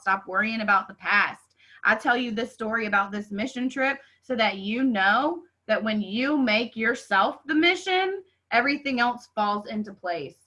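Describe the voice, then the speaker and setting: A woman's voice: medium pitch, sharp tone, lo-fi sound. A woman hosting a motivational podcast, talking fervently and preaching self-worth. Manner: fervent, preachy, says "y'all" often. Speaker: podcast host and life coach.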